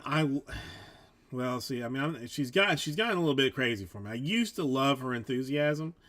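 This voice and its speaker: A man's voice: on the high side, pushed and bright. A man hosting a live stream, telling a rambling story in casual chat, acting out both sides of a conversation. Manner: rambling, with many restarts and quoted back-and-forth.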